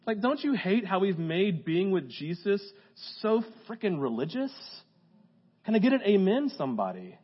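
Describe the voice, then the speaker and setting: A man's voice: high voice, very animated, moderate pace, husky, muffled recording. A young man preaching a casual, joking sermon to a live congregation. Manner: casual, joking, talks straight to the crowd. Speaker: pastor. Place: church hall with a live congregation.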